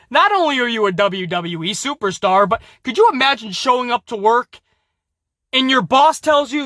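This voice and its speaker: High-pitched, loose, profane male podcast host, animated and laughing, recorded dry. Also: moderate pace, dry recording. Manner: animated, laughing, profane, addresses listeners as guys. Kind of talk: wrestling recap podcast.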